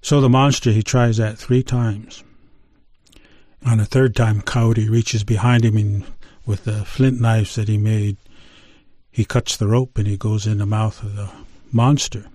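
Low mellow man telling a traditional tale. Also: flat delivery, no echo, studio quality. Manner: unhurried, conversational, with many fillers and restarts. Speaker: storyteller. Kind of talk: oral storytelling of a traditional tale.

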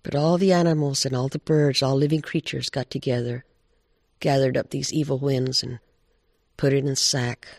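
Expressive man telling a folk tale. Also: mid-range voice, normal speed, creaky, dry recording, clean studio sound. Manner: expressive, animated. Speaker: storyteller.

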